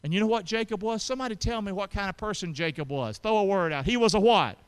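A man preaching a sermon, calling out to the congregation for responses and swinging between loud emphasis and quiet asides. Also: sits high, fast, smooth. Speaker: pastor.

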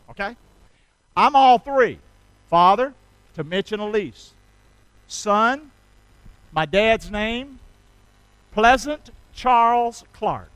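Male pastor, high and bright, folksy call-and-response preaching, dry close sound. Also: slow pace, long pauses, clear, resonant tone, no room sound, rough recording. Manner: folksy, playful, energetic, often drawing responses from the congregation.

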